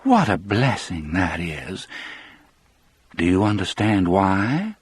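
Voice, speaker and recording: A man voicing a frail, dying older woman in an audiobook, with a hoarse, childlike rasp. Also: deep voice, very animated, slow pace, no echo, exaggerated voice. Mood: wondering. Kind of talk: audiobook character voice.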